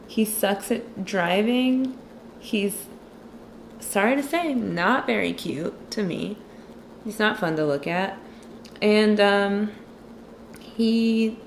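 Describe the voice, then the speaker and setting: A woman's voice: mid-range voice, a little hiss or hum. A young woman chatting casually and sarcastically about a movie while she draws, rambling with lots of fillers. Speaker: vlogger recapping a movie while drawing. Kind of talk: casual chat.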